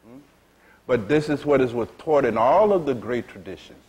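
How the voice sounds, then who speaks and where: Here a spiritual teacher preaches to a seated crowd at a moderate pace. His voice is medium in pitch, expressive, and darkish in tone, and he speaks bluntly in colloquial phrasing, asking "you see?" again and again.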